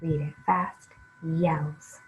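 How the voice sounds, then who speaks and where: A woman's voice: low-pitched, flat delivery, very slow, poor audio. A woman teaching a phonics lesson to young children, sounding out letters one at a time and praising the listener. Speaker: reading teacher.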